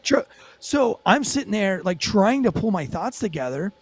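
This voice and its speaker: A man with a high-pitched voice tells his story as a podcast guest. His telling is animated and profane and packed with fillers. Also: normal speed, no echo. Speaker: former police officer and podcast guest. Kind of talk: storytelling in a casual podcast interview.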